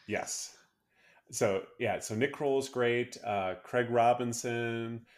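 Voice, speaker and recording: A man co-hosting a casual podcast, speaking hesitantly with many pauses and fillers. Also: medium pitch. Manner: hesitant, lots of uh and um, laughs easily. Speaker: podcast co-host. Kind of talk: casual chat.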